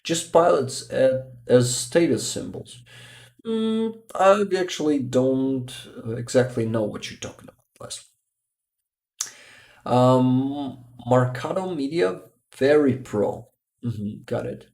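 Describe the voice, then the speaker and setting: Slow, mellow-voiced man on livestream. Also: mid-range voice, vocal fry. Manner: halting, searches for words, many fillers. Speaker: livestream host reading chat. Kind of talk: casual livestream chat.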